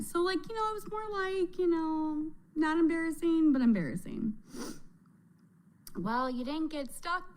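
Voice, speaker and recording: A woman's voice: sits high, animated, unhurried, rough recording. A woman hosting a casual reaction chat, a mother who laughs a lot and exclaims often as she talks. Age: adult mother. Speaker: reaction video host.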